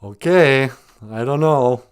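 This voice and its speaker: A man's voice: medium pitch, slow pace, smooth. An older man hosting a podcast, joking sarcastically and laughing often as he talks. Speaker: podcast host. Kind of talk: comedic casual chat.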